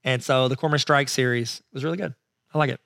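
A man's voice: medium pitch, fairly even intonation, fast, creaky, fairly bright tone, dry recording, studio quality. A man co-hosting a podcast in casual chat, rambling and joking at his own expense. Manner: rambling, jokey, self-mocking. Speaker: podcast co-host.

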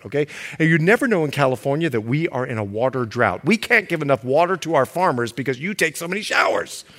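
Pastor, male, high-ish voice, very expressive delivery, playful loud-to-hushed swings. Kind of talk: sermon.

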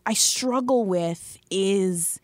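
A woman's voice: mid-range voice, drawn-out words, no room sound. Podcast co-host, a woman with a mid-range voice, blunt and emphatic, dry studio sound. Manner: emphatic, blunt, laughs often. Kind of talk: casual podcast chat.

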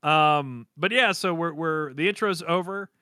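A man co-hosting a casual anime recap, animated and laughing often as he acts out silly lines. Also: on the high side, unhurried, clean tone, dry recording, studio quality. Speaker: podcast co-host.

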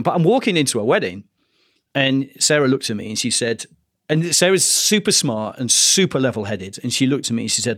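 Dramatic, husky man. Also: mid-range voice, fairly quick, no echo, clean studio sound. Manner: dramatic, animated storyteller. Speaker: photographer guest. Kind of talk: podcast interview storytelling.

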